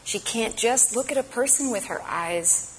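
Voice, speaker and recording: A woman's voice: on the high side, animated, measured pace, slight background noise, low-quality recording. A woman giving an impassioned, emphatic advocacy talk at a church event. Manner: earnest, emphatic, urgent.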